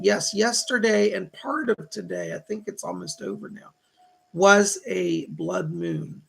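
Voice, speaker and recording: A man's voice: sits high, measured pace, vocal fry, slightly rough. A man hosting a casual livestream as a psychic, chatting to viewers and greeting names from the chat.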